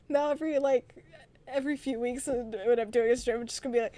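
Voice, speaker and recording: Giggly woman streamer with a high voice. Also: moderate pace, pauses often, dark tone. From American South. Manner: giggly, rambling, frequent laughs. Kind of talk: casual chat.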